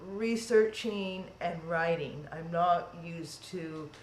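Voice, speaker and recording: A woman hosts a live stream from home, rambling along in a chatty, self-deprecating way. She speaks slowly at a middling pitch, and her voice carries the roomy echo of a home room with a faint background hum. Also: darkish tone. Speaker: event host. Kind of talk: live-stream event hosting. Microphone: webcam stream.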